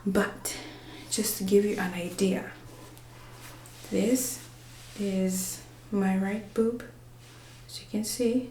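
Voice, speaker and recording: A woman's voice: mid-range voice, fairly even intonation, takes it slowly, long pauses, dark tone, roomy sound, slight background noise. A woman vlogging in a rambling, chatty way, often dropping to a whisper so she won't wake a napping baby. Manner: rambling, chatty, with many fillers. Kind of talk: casual vlog.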